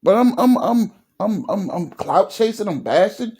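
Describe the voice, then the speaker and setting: A man from Virginia ranting in a sports vlog, fired up and repeating himself, sometimes dropping low and emotional. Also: lively intonation, measured pace, a little mellow, husky. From Virginia, USA. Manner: fired-up and repetitive, stumbles over restarts; drops low and emotional at times. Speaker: sports commentary vlogger.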